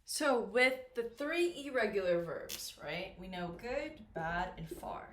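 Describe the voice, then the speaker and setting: A woman teaching English grammar, explaining slowly and patiently and asking learners questions as she goes. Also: medium pitch, expressive. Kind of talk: slow, clear classroom explanation. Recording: echoey room with faint noise.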